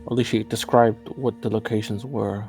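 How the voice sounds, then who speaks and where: Man, lowish voice, playful player pushing the party forward, faint music. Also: steady tone, normal speed, gravelly, darkish tone. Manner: playful, urging the group on. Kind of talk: casual tabletop play.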